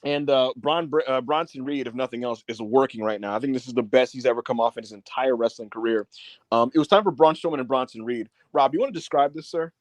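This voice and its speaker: A man's voice: medium pitch, quick pace, no echo. A man co-hosting a casual wrestling review podcast, retelling scenes with acted-out quotes and lots of profanity. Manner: animated storytelling with acted-out quotes. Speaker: podcast co-host.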